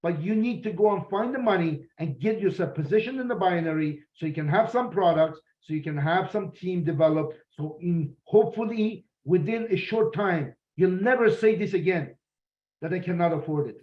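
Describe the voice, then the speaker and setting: A man's voice: high-pitched, expressive, normal speed, reverberant, highs cut off. A man speaking as a business recruiter and mentor in a motivational talk, blunt and direct, often repeating himself.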